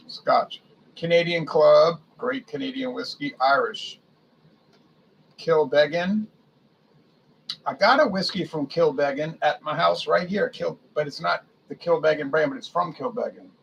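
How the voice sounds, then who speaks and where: A gravelly, slightly high-voiced man reads his way down a liquor catalog. He talks to himself as he goes and trips over the foreign names. Faint noise sits behind him. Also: measured pace, long pauses, fairly bright tone, muffled recording. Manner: muses aloud, stumbles over foreign names. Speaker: beer and spirits reviewer. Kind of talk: casual reading aloud from a liquor catalog.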